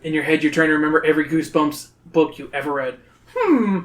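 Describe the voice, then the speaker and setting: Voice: medium pitch, flat delivery, very fast. A podcast host casually reading a gamebook aloud, cracking jokes and swearing freely. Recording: roomy echo.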